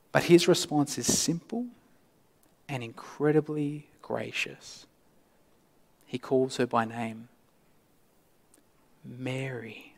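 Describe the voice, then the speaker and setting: A male pastor delivering a sermon, swinging from loud emphasis to hushed, near-whispered lines. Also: a little high. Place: church. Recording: long reverb of a church hall.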